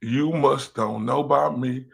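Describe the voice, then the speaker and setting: A man's voice: mid-range voice, a little slow, creaky, husky. A man hosting a livestream, ranting in a profane, taunting, confrontational way. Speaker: livestream host. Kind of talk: heated livestream rant. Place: lives in Dallas, Texas.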